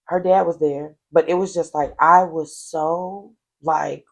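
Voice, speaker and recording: A woman's voice: low voice, fairly even intonation, a little slow, vocal fry. A young woman on a podcast telling a candid personal story, blunt and full of slang and swearing. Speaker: podcast guest. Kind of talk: casual chat.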